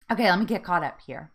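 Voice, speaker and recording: A woman's voice: a little high, a bit bright. A woman hosting a live weight loss support chat, chatting casually, laughing often and reading out viewer comments.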